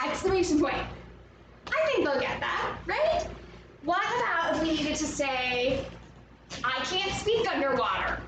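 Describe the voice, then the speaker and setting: A young woman teaching an online arts lesson to young children, speaking in an upbeat, slow and clear way and inviting the viewer to join in. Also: high voice. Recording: roomy, echoey, from a distance with background noise.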